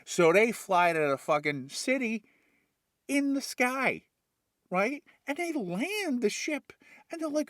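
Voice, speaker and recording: A man retelling a movie plot as comedy, animated and full of swearing, jumping in and out of voices. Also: very high voice, slow pace, no echo, studio quality. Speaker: comedic storyteller.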